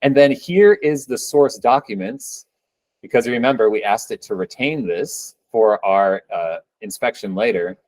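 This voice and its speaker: A man's voice: fairly low pitch, dry recording, poor audio. A man presenting a live coding demo at a meetup, talking casually with upbeat, joking asides.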